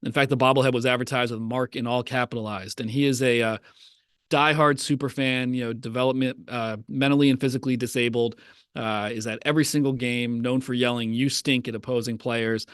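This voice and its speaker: A man's voice: medium pitch, fairly even intonation, fairly quick, fairly bright tone, smooth, no echo. Man, podcast co-host, casual rambling chat, dry close sound. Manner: rambling, hesitant with many fillers.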